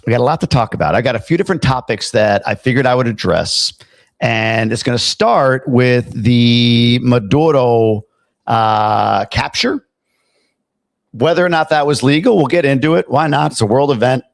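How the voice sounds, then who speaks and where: A middle-aged man hosts a casual live stream in an easy, talkative way. He reads viewer comments aloud and drifts into playful asides. His voice sits at an ordinary pitch and sounds dry and close. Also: moderate pace, creaky, dry recording. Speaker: livestream host.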